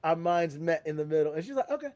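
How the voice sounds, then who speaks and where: This co-host speaks fast in a fairly high, slightly mellow voice, recorded dry. Recounting a party to friends on the podcast, he impersonates the people he quotes with dramatic vocal jumps and plenty of swearing.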